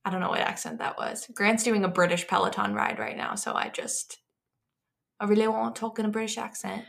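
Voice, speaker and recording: A woman's voice: mid-range voice, fairly even intonation, vocal fry, a bit bright. A woman in her twenties co-hosting a podcast, chatting casually, easygoing and agreeable. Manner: easygoing, agreeable, quick to laugh. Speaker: podcast co-host. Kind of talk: casual chat.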